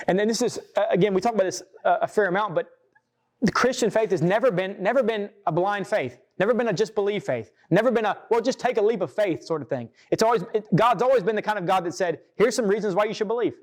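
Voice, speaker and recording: A man's voice: sits high, quick pace. A man teaching scripture to a group, reading verses aloud and talking them through in a casual, conversational way with frequent asides and restarts. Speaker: pastor. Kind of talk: sermon-style Bible teaching.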